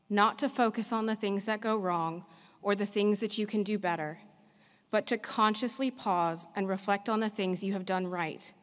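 A veterinarian giving a prepared commencement address, speaking in a measured, earnest way with deliberate pauses. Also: female voice, medium pitch, fairly bright tone. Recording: long reverb of a large hall.

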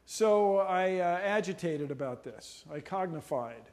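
A middle-aged man giving a humorous university lecture in a lecture hall, animated and jokey. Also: high voice, unhurried, slight background noise. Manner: animated, jokey, playful voices and laughs. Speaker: guest lecturer.

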